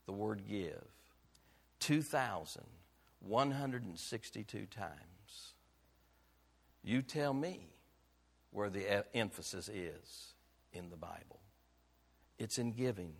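A man preaching a sermon as pastor, emphatic, with rhetorical questions, swinging between loud declarations and quiet, earnest passages. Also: fairly low pitch, expressive, slow, vocal fry, pauses often, breathy edge, long reverb tail. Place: church sanctuary.

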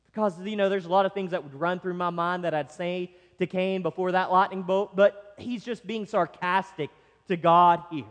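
A man's voice: high-pitched, a little slow. A man preaching a sermon, reading scripture aloud and breaking off for conversational, wry asides and acted-out quotes. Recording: long hall reverb.

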